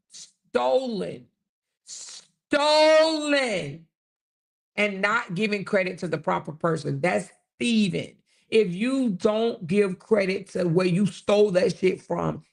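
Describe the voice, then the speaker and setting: A woman hosting a casual commentary channel, chatting sassily to her viewers and often pausing to find clips. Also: lowish voice, gravelly, darkish tone.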